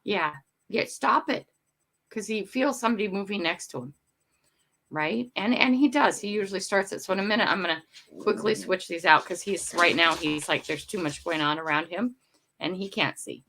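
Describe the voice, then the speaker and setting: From a room in her house, an older woman chats her way through a morning livestream, addressing viewers and her dogs in loose, meandering fashion. Her fairly low voice is quite bright and moves a little quickly, with a faint hiss or hum in the background.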